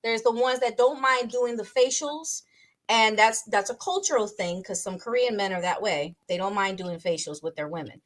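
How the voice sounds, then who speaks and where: A woman's voice: medium pitch, normal speed. A woman hosting a talk show, enthusiastic and chatty, rambling a bit as she agrees and asks questions. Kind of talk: casual talk-show chat.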